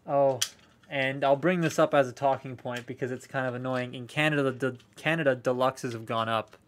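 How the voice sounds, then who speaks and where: A man's voice: medium pitch, fairly even intonation, normal speed, a little hiss or hum. Chatty man unboxing toys live. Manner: rambling, chatty, swears freely, answers viewer comments. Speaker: toy collector streaming a live unboxing. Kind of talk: casual live-stream chat.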